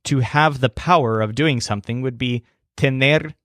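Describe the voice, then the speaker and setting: Guy reading a vocab lesson, medium pitch, dry close sound, slows down on the new words. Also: a bit bright, no echo. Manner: slows down to spell out foreign words and stresses. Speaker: language teacher. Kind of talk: scripted lesson narration.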